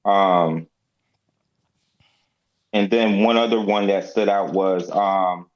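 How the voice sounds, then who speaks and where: A man in his forties speaking reflectively and haltingly in casual talk. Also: deep voice, fairly even intonation, muffled recording. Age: 40s. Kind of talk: casual chat.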